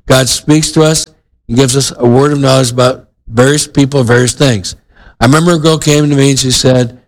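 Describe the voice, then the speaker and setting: A man's voice: mid-range voice, fairly even intonation, a little fast, rough recording. A male pastor giving a sermon in a conversational way, with frequent restarts and asides to the congregation.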